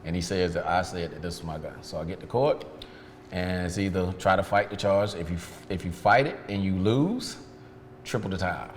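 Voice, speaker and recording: Deep-voiced man telling his story candidly. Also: normal speed, a little hiss or hum. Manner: frank, reflective, retells events with lively quoted dialogue. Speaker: interview guest, detailing business owner. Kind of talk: candid storytelling in a sit-down interview. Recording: long reverb with faint background ambience.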